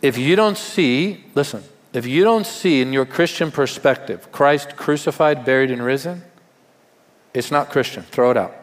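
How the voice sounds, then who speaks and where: A man's voice: mid-range voice, normal speed, long reverb tail. A male pastor giving a sermon in a conversational way, with rhetorical questions and humor.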